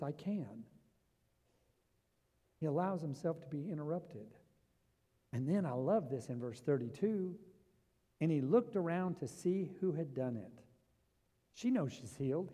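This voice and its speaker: Casting: middle-aged male pastor, fairly high voice, hushed-to-loud preaching, big reverberant hall. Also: slightly rough. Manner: swings from hushed, intimate storytelling to loud, rising emphasis. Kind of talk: sermon.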